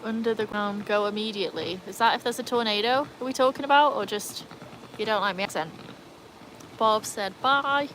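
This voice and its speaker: A woman's voice: mid-range voice, moderate pace, noisy background. A woman with an English accent tinged with Welsh, chatting casually on a livestream and answering viewer comments from her backyard. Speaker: livestream host.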